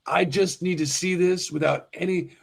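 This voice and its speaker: A man hosting a casual stream talks in a rough, gravelly voice that sits a little high for a man. He gets excited easily, swears freely and trips over his own restarts. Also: normal speed. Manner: profane and excitable, heavy restarts. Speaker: livestream host. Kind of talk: casual chat.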